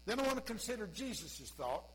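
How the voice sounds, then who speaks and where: A man's voice: high voice, sing-song, brisk, fairly bright tone, husky, poor audio. A male pastor preaching a sermon in a folksy, conversational way with humorous asides.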